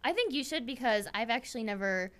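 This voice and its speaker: A woman's voice: on the high side, animated, fast talker, a bit bright, no echo. A young woman co-hosting a casual chat, agreeable and laughing along. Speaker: co-host.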